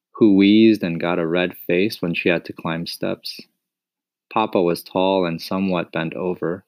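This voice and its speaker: Male narrator reading a children's book, very low and gravelly, measured and dry. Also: dry recording. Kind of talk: storybook reading.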